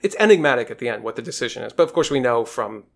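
A man, an actor, talking in a casual podcast conversation, thoughtful and halting with frequent restarts. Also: mid-range voice, animated, vocal fry. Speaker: actor guest.

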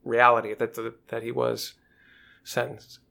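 A man, an actor, talking in a casual podcast conversation, thoughtful and halting with frequent restarts. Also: medium pitch, completely flat delivery, vocal fry, pushed and bright. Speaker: actor guest.

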